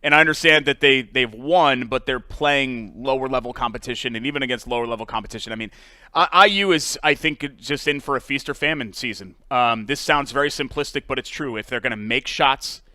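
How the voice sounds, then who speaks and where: A man's voice: medium pitch, a little fast, pushed and bright, no room sound. A man co-hosting a sports talk show, chatting casually and animatedly, often stumbling and restarting. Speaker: sports radio co-host.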